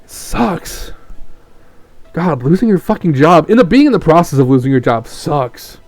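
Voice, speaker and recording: A man's voice: on the high side, big pitch swings, brisk, a little mellow, no echo. A man streaming a visual novel, reading it aloud and reacting with emotional, profane commentary. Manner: emotional, swears freely.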